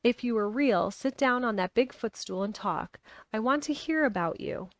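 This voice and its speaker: A woman's voice: a little high, expressive, moderate pace, no room sound. A woman reading aloud, voicing a sickly, fretful young boy who is bedridden and gloomy, in a complaining tone.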